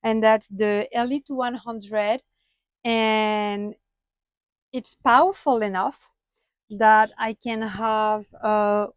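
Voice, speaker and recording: A woman with a French accent talks slowly and a little high, pausing often on fillers and breaking into small laughs as she shows off her van. The sound is dry and a bit dull, recorded close in a small van. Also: fairly even intonation, clear, resonant tone, dry recording. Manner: chatty, halting with frequent fillers and laughs. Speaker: vlogger. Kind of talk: casual van tour vlog.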